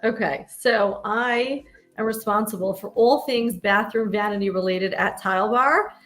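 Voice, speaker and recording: A woman from New York appearing as a guest expert, explaining her work in a brisk, businesslike way. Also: mid-range voice, fairly bright tone. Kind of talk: interview answers.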